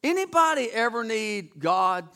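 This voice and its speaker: A man's voice: high-pitched, sing-song, measured pace, bright, forceful tone. A man preaching a sermon, retelling Bible stories in a folksy, dramatic way with acted-out voices. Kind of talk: storytelling sermon.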